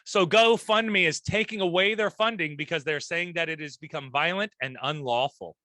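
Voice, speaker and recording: A young man jokes brashly through a casual podcast, his voice high and bright. He drops crude slang between news passages read aloud. The sound is dry and close. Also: moderate pace, dry recording. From United States. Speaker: co-host.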